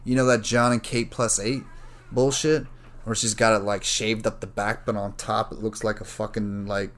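Rambling, profane podcast man, low-pitched. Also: little pitch movement, moderate pace. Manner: rambling, profane, thinks out loud. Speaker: podcast host. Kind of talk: casual solo podcast rambling.

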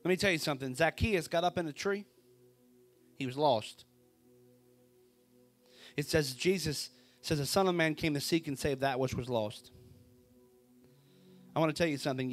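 A man delivers a sermon in fairly high tones. He tells his story with drama, dropping to near whispers and rising to shouts. Faint music plays behind him. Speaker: pastor.

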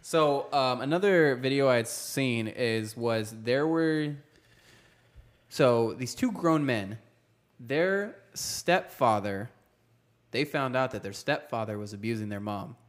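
A man co-hosting a casual chat, telling a long story with animated delivery, heavy profanity and frequent laughter. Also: medium pitch, takes it slowly. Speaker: podcast co-host.

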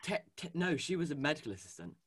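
A man co-hosting a casual fan chat, animated and gushing, with lots of fillers and restarts. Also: fairly high pitch, racing, a crowd in the background. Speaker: podcast co-host. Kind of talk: casual fan chat about a cartoon series.

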